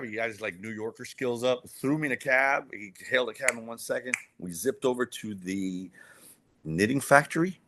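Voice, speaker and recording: A man's voice: medium pitch, normal speed, bright, forceful tone. A man, a documentary director, telling a rambling story in an interview with lots of fillers and restarts. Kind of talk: casual conversational storytelling.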